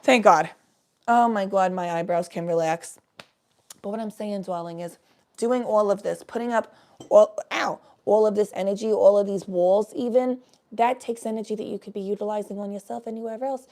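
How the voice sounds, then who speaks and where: A woman's voice: mid-range voice, fairly even intonation, normal speed, darkish tone. A woman chatting casually on a live stream, giving a tarot reading in a rambling, swearing way.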